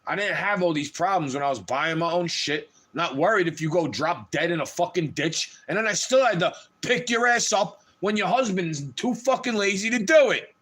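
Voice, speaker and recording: A man's voice: high voice, expressive, moderate pace, hardly any pauses, a bit bright. A man on a livestream delivering a heated, profane rant straight to his audience.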